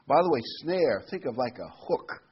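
A man's voice: medium pitch, very animated, normal speed, muffled recording, a little hiss or hum. A man delivering a sermon, reading Bible verses aloud and then explaining them in plain everyday words. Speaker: preacher.

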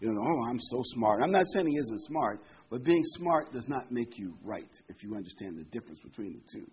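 A man preaching a sermon, reading scripture slowly and telling folksy jokes. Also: medium pitch, expressive, lo-fi sound, slight background noise. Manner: folksy, reads scripture slowly, laughs at his own jokes.

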